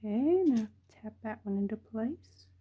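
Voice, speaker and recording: A woman's voice: fairly high pitch, expressive, measured pace, slightly rough, highs cut off. An older woman chatting casually as she works on jewelry, muttering to herself between remarks. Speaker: jewelry crafter. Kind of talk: casual crafting chat.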